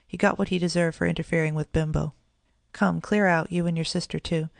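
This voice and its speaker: Narrator voicing a gruff old shopkeeper. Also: medium pitch, fairly even intonation, a little fast, no echo, lightly acted. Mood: harsh. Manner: sharp, scolding and threatening.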